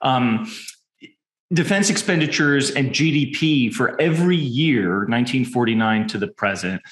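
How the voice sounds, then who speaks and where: Man, research talk, casual and wry, lots of ums, middle-pitched voice, echoey room. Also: animated, moderate pace. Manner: informal, many ums, wry asides. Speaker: policy researcher presenting a paper. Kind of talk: presentation with slides.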